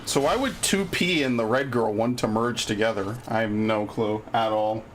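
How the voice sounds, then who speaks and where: In this live gaming stream, a man chats casually while grumbling and cursing often at the game. He speaks at a moderate pace in a fairly low voice, over a little hiss or hum.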